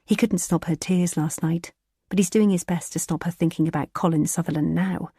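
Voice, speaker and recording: Woman reading a suspense audiobook, dark husky voice, dry close sound. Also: fairly low pitch, steady tone, brisk, dry recording. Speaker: audiobook narrator. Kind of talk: scripted thriller narration.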